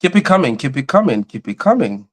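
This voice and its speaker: A man's voice: a little high, big pitch swings, quick pace. A man hosting a livestream, greeting viewers by name and repeating his phrases with lots of energy. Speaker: host and convener of a livestream. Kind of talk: livestream opening chat.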